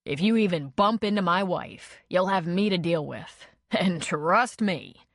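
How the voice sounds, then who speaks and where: A woman narrator voicing a gruff, protective male bar owner, dry and warning. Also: lowish voice, lively intonation, unhurried, no room sound. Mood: stern.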